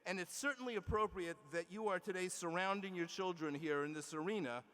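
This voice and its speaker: A man's voice: high-pitched, a bit bright. Man, commencement speaker, formal and emphatic, podium mic, large arena, long reverb. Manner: measured, emphatic, with small restarts and asides. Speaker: university leader giving commencement address.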